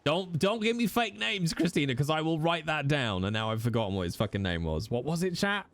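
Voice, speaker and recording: A man's voice: a little high, sing-song, brisk. A man, chatting casually with viewers on a live stream, jokey and teasing, with the odd swear.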